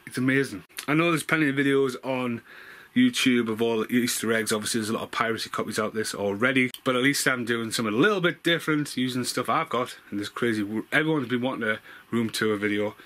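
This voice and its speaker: A man giving an excitable, sweary movie review at home in a room full of film collectibles, saying wow again and again. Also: medium pitch. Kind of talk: casual excited vlog review.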